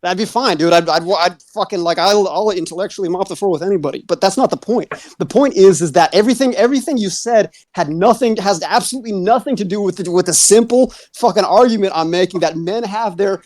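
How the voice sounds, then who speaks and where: A man's voice: high voice, fast, hardly any pauses, a little mellow. A man in a heated online debate, combative and cursing, talking over the others. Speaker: debate guest.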